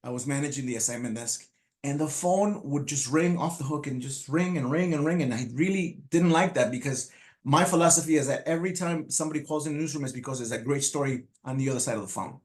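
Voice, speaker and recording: Halting man telling his life story. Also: a little high, darkish tone. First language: Spanish. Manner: halting, many restarts and fillers. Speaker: motivational speaker. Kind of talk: personal storytelling speech.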